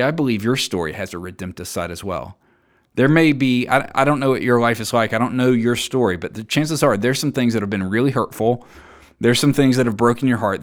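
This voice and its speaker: A man preaching a sermon, earnest and emphatic, reading scripture aloud and dropping low and soft to land his key points. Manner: reads scripture aloud and acts out quoted voices.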